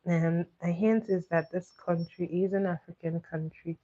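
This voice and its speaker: A female streamer with a lowish, dark voice and flat delivery runs casual trivia at normal speed. She coaxes viewers, reading each question to chat and repeating it. Her dull lo-fi stream audio carries a little hiss or hum.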